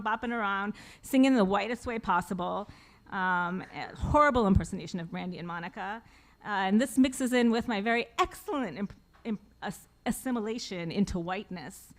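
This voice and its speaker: A woman in her forties, an author telling a personal story live to an audience with wry, self-deprecating humor, often laughing at her own jokes. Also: mid-range voice.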